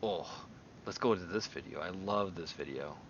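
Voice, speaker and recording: An excitable American man rambles through casual stream commentary, dropping to near-mumbles and then jumping to loud bursts. His voice is bright and forceful. The recording sounds a bit dull, with a faint rumble underneath. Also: normal speed. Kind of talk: casual commentary while browsing online.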